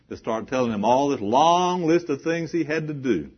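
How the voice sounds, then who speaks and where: A male preacher delivering a sermon, swinging between hushed, earnest talk and loud, emphatic preaching, and throwing rhetorical questions at the congregation. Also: mid-range voice, lively intonation, moderate pace, breathy edge, highs cut off.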